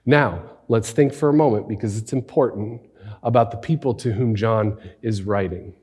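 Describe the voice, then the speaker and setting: A male pastor preaching a conversational sermon, animated and full of rhetorical questions, sometimes dropping to a hushed near-whisper for emphasis. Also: on the low side, normal speed, slightly rough.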